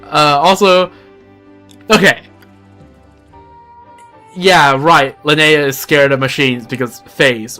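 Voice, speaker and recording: A gaming YouTuber giving casual, joking commentary while playing and reacting loudly. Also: mid-range voice, slow pace, long pauses, soft background music.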